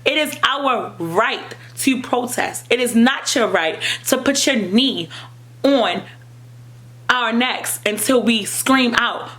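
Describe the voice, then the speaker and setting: A woman's voice: on the high side, expressive, slow. A young woman with an African American English accent, giving impassioned personal commentary as a vlogger, emphatic and repetitive. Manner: emphatic, repetitive, rising to near-shouting.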